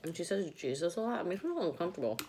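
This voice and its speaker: A woman's voice: lowish voice, very animated, very fast. Woman vlogger, rambling and chatty between bites, recorded at home with audible noise. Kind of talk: casual eating vlog chat. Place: home, at a table with dogs nearby.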